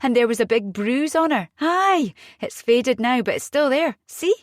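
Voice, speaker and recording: A woman voicing an agitated young Scottish mother in an audiobook, speaking urgently with a rising pitch. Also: expressive, measured pace, dry recording, clean studio sound.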